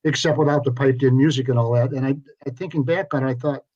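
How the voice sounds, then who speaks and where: A man's voice: mid-range voice, steady tone, fast talker, highs cut off. An older man co-hosting sports radio, telling stories in a dry, wry way. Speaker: sports reporter and co-host. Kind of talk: casual sports radio chat.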